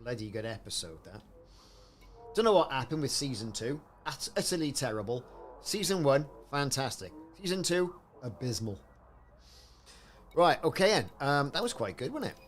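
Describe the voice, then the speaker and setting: A man's voice: medium pitch, very animated, normal speed, soft background music. A man chatting casually while live-streaming a game, rambling and answering viewers. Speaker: livestreamer.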